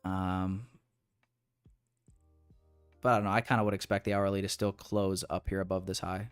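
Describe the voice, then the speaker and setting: A young man streams his day trading live, sounding frustrated as he rambles casually, restarts often, and calls viewers "boys." His deep voice is smooth and level at a normal speed, with faint music behind him.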